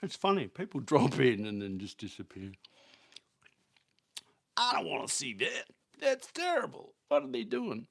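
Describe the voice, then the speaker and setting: A man's voice: wildly swooping pitch, normal speed, vocal fry, long pauses. A man hosting a casual livestream, chatting in a rambling, loose way to his viewers. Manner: rambling, chatty, talks to his dogs in a high baby voice. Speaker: livestream host.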